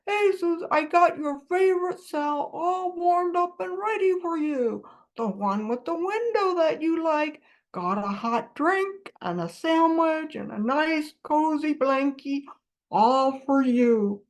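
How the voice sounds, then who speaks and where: A woman puts on a hulking storybook cop who talks in a chummy, sing-song coax, his voice pitched high and lifted well above her reading tone. He draws his words out slowly and soothingly, like he is jollying a child along. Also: expressive. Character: big burly male cop, cheerfully coaxing.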